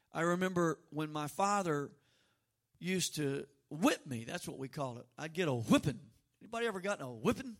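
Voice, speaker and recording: Male pastor, higher voice, animated sermon delivery. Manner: lively, shifts from quiet to loud; conversational storytelling preacher.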